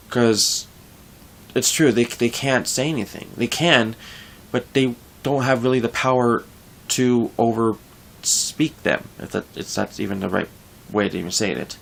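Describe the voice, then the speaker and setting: A man's voice: mid-range voice, measured pace, vocal fry, a little hiss or hum. A young man talking casually in a vlog, venting frustration about his workplace in a rambling way with frequent restarts. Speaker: vlogger.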